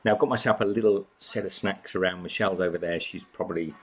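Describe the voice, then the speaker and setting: A man's voice: deep voice, fast talker, slightly rough. A man hosting a casual live chat from home, greeting viewers by name and snacking as he talks. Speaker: live stream host.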